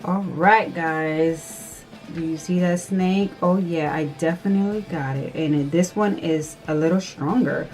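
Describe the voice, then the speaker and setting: A woman with a slightly low voice talks her viewers through a makeup routine in a casual, chatty way. She is jittery and excitable, breaking into gasps and squeals. Soft guitar music plays faintly behind her. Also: a little slow. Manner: nervous, excitable, squealing and gasping. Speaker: beauty vlogger. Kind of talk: casual makeup tutorial chat.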